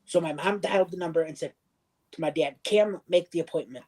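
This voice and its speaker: A man's voice: fairly high pitch, a little fast, darkish tone, poor audio. A young man telling a personal story in casual livestream chat. He rambles, circles back, restarts sentences and acts out other people's lines.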